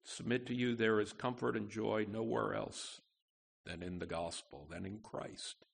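A man preaching a sermon as pastor, emphatic, with wide swings in pitch and loudness. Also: steady tone, a little slow, vocal fry, slight background noise.

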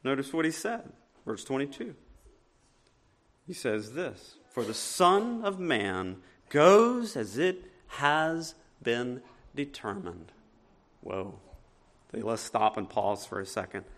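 A man preaching a sermon as pastor, swinging between loud emphatic points and quiet asides. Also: medium pitch, very animated, takes it slowly.

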